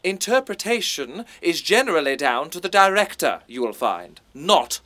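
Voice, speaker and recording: A man's voice: fairly high pitch, sing-song, moderate pace, bright, forceful tone. A man with a posh English accent playing a bossy, self-important amateur theatre director in a radio comedy. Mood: pompous. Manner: pompous, lecturing, self-important. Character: pompous, bossy middle-aged male director.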